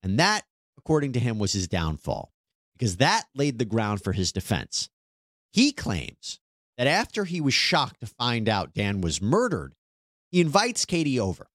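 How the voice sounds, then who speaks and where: A man hosting a legal news breakdown, narrating a trial with animated, incredulous rhetorical questions. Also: medium pitch, normal speed, dry recording, studio quality.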